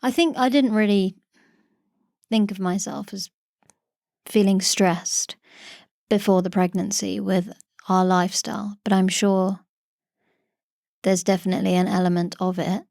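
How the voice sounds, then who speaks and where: A pregnant woman hosting a podcast, speaking softly in a casual chat. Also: medium pitch, steady tone, unhurried, creaky, long pauses, dry recording, clean studio sound. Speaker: podcast host.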